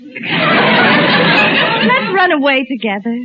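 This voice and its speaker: A gushing gold-digging sweetheart. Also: female voice, high voice, animated, slow, muffled recording, a loud crowd. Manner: gushing, breathless romance. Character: gushing young woman, gold-digging and romantic. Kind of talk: 1940s radio comedy acting. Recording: noisy old radio broadcast with loud audience.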